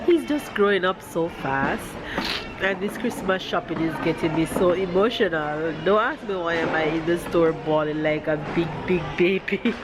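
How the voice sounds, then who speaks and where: A woman's voice: lowish voice, moderate pace, very noisy. A woman in her thirties with a Jamaican accent, vlogging in a store, emotional and tearful as she talks. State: teary, crying at times. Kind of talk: casual vlog talk to camera. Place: busy store, indoors.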